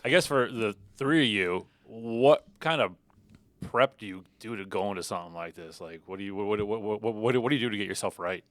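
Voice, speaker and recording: A man's voice: lowish voice, brisk, a bit bright, dry recording. A man hosting a podcast, chatting loosely and asking follow-up questions. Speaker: podcast host. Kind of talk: casual chat.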